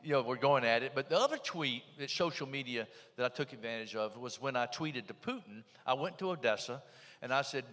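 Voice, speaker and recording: A man's voice: mid-range voice, lively intonation, brisk, a bit bright, in a large hall. A man with a Southern US accent telling stories at a panel in a plainspoken, emphatic way. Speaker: panel speaker. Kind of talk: folksy storytelling.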